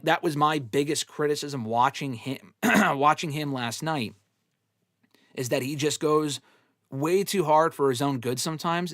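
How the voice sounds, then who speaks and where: A man's voice: a little high, a bit bright, dry recording, clean studio sound. A man hosting a live wrestling Q&A show, giving blunt, opinionated takes in a casual, swear-heavy way. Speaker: wrestling podcast host answering fan questions.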